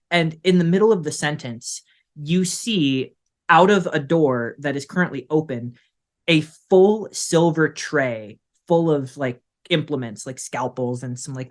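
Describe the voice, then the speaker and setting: A man's voice: a little high, unhurried. A man narrating as game master of a tabletop game, rambling with many fillers. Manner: rambling, full of "like" and "uh".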